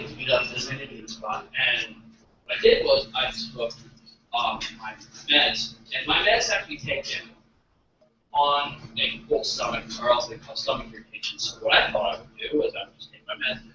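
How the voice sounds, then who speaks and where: A man's voice: mid-range voice, animated, fairly quick, pushed and bright, a little hiss or hum. A man telling awkward, self-deprecating stories in a stand-up routine, acting out what people said. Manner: self-deprecating, awkward storytelling with acted-out quotes. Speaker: stand-up comedian. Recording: echoey, dull recording from a distant mic.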